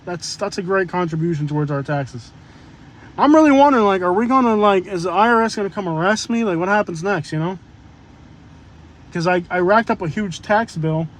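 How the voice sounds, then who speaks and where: A man with a notably high voice talks to his livestream audience while in a car. He drifts from topic to topic in a loose, joking, chatty way. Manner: rambling, joking, chatty asides to viewers. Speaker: live-stream vlogger. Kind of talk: casual live-stream chat.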